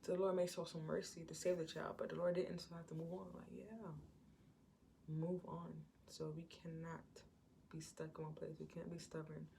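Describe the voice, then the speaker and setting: A woman's voice: sits low, little pitch movement, moderate pace, vocal fry, warm tone, slight background noise. A woman giving an informal Bible teaching in a conversational way, retelling scripture stories and acting out what the people in them say. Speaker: Christian preacher.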